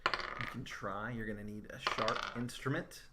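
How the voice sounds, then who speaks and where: A man's voice: fairly low pitch, steady tone, moderate pace. A man narrating as game master at a tabletop game, talking casually with many hesitations. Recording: roomy with faint noise.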